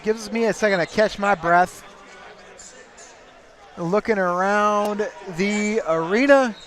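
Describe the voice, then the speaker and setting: High-voiced excitable male wrestling commentator. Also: slow. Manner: surges into excited shouting on big moves. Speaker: play-by-play commentator. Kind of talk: live wrestling play-by-play. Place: tournament arena.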